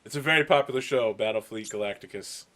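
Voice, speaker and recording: A man narrating and improvising as game master of a tabletop game, rambling and animated. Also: fairly low pitch, fast.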